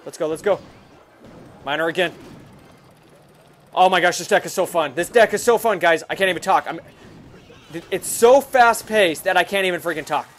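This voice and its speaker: Hyped man yelling through a mobile game. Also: high-pitched, normal speed, pauses often, slight background noise. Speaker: gaming YouTuber. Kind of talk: excited live gameplay commentary.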